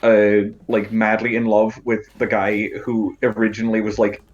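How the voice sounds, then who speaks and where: A hesitant speaker in casual group chat, trailing through fillers and restarts. The voice sits at a middling pitch, and the line sounds dull and lo-fi. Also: flat delivery, normal speed, darkish tone. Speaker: stream participant. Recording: lo-fi muffled audio.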